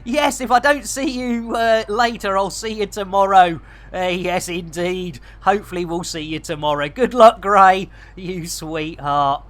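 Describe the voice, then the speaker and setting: A woman chatting casually and jokily to her viewers while she plays a game live, full of slang and quick to laugh. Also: medium pitch. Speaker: game streamer. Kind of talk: casual live-stream chat while playing.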